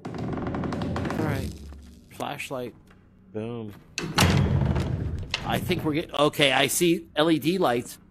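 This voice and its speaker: A man's voice: medium pitch, takes it slowly, long pauses, heavy background noise. A man giving casual, joking commentary as he walks through an old hotel, talking aloud to empty rooms, recorded on a camera mic while he moves. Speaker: cannabis podcast host touring a haunted hotel. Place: old hotel building, indoors.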